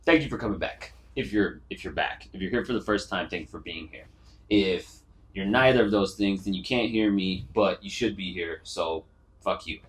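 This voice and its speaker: A young man co-hosting a casual podcast with his sister, talking in an animated, profane, teasing way, a little quiet and echoey from a misplaced mic. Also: low-pitched, normal speed, slightly rough. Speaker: podcast co-host. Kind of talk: casual chat.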